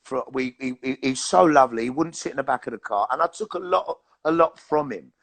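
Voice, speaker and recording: London actor, middle-aged man, gravelly voice, swears freely, animated storyteller in an interview. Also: mid-range voice, a little fast. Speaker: actor and guest.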